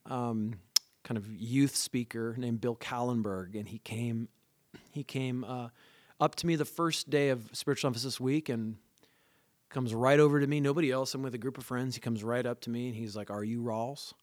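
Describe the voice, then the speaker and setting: A man recounts his faith story in an earnest, animated conversational manner, trailing off and restarting with fillers. His voice sits at an ordinary middle pitch. The recording is very dry and close, with no room sound. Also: moderate pace, no room sound. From Southern California. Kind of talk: casual conversational testimony.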